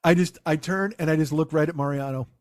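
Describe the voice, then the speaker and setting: A male stand-up comedian rattles through a profane story at a quick clip. His voice sits a little high and stays exasperated, and the sound is dry and close to the mic. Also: no room sound.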